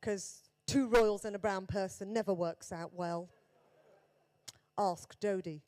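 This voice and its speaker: A woman comedian with a Birmingham accent doing a stand-up set, chatty and self-deprecating, with quick asides to the audience. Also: mid-range voice, dark tone. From England.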